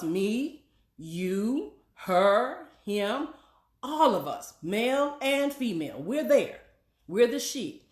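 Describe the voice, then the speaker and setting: A woman's voice: fairly high pitch, big pitch swings, slow pace, roomy sound. A woman who is an executive pastor, preaching a sermon to her congregation with repeated questions and call-and-response phrases.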